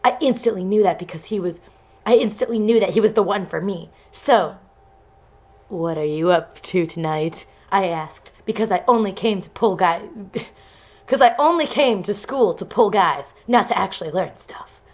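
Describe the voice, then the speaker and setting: A woman's voice: medium pitch, moderate pace, a little mellow. A young woman reading amateur fiction aloud for laughs, stumbling over words and breaking into giggles. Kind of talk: comedic read-aloud of fan-style fiction.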